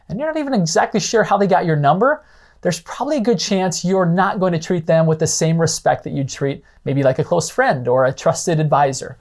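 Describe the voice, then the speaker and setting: A man's voice: a little high, darkish tone. A man hosting an instructional podcast, explaining ideas in a conversational way with frequent checking-in questions. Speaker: podcast host. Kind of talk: instructional monologue.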